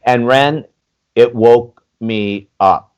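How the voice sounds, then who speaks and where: A man's voice: mid-range voice, extremely slow, clear, resonant tone. A man in his sixties, a life coach guesting on a podcast, telling his story candidly and animatedly, acting out dialogue with casual swearing. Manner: animated, acts out quoted dialogue, frequent "you know", casual swearing.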